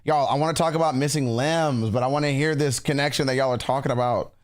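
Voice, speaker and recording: A man's voice: mid-range voice, fast talker. A man chatting casually on a livestream, reacting to music with slangy talk and frequent laughter. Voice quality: animated, laughs often, slangy.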